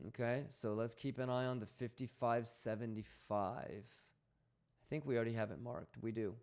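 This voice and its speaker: A man's voice: mid-range voice, steady tone, moderate pace, darkish tone, clear, resonant tone. A man hosting a casual trading livestream, slangy and swearing freely as he reads out chat messages.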